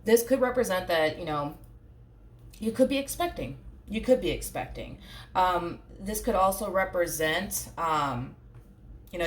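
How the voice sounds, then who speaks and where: A woman with a low, deep-set voice talks through a tarot reading in a loose, chatty way. She reassures her listeners over and over, circling back to the same phrases. A faint hiss of background noise sits under her voice. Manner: chatty, repetitive, reassuring, fillers like "you know what I mean". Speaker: tarot reader. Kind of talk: casual tarot reading to camera.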